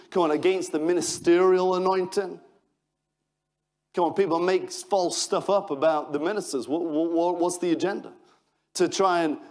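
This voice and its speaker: A man with an English accent preaching an impassioned sermon as pastor, reading scripture aloud and calling out to the congregation. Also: a little high. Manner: impassioned preaching with call-outs and Bible reading. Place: church in Manchester.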